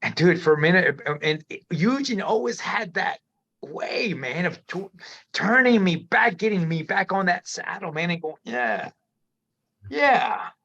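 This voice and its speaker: This high-pitched, expressive male voice moves at a moderate pace, with a fairly bright tone and a breathy edge. He's a middle-aged podcast guest recounting his life openly but in a wandering way, frequently starting sentences over and addressing the host as "man." The recording is lo-fi and dull.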